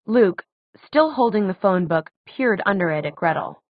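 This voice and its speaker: A woman narrating an audiobook in a measured, even storytelling manner. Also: mid-range voice, dry recording, highs cut off.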